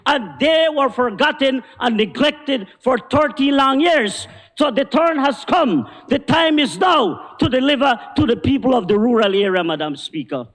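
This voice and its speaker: Belizean male minister, very high pitch, fiery indignant floor speech, reverberant chamber. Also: animated, measured pace, few pauses. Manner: forceful, indignant oratory, repeating "Madam Speaker". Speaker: government minister. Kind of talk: parliamentary speech. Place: parliament chamber.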